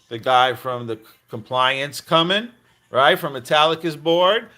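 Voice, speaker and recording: Hyped man with a bright voice. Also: medium pitch, a little slow, soft background music. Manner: hyped, slangy, repeats phrases, calls out "baby" and "fam". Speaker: crypto commentator. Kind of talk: excited commentary over cartoon clips.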